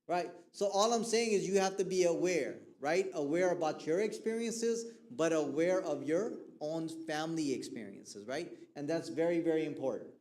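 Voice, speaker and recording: Man, slightly high voice, youth counselor, casual talk, keeps checking in, animated storytelling. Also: moderate pace, few pauses. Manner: animated storyteller who acts out quoted people. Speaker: mental health counselor speaking to youth. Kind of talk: conversational talk to a youth group.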